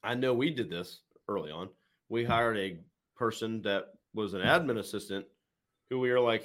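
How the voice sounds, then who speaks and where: A man's voice: on the low side, normal speed, fairly bright tone. A male podcast host chatting casually with a guest, talking in a loose, rambling way. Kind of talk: casual interview chat.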